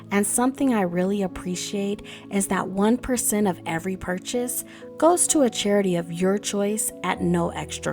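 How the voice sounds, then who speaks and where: A woman host reading a scripted sponsor segment in a friendly, smooth manner. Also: mid-range voice, a little mellow. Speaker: channel host.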